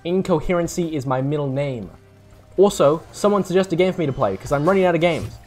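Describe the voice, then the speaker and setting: A man's voice: fairly high pitch, animated, quick pace, a little mellow. Rambling late-night gamer guy, faint music. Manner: rambling, self-deprecating, swears freely. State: tired from recording late at night. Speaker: gaming YouTuber. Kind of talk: casual gameplay commentary.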